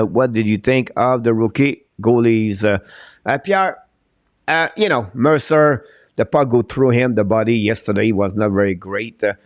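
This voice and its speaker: A man, his first tongue, coaching and hosting a live stream. He talks in a fired-up way, repeating his points as he reads viewer chat. The sound is dry and close, with no room echo. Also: on the low side. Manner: fired-up, repetitive motivational talk.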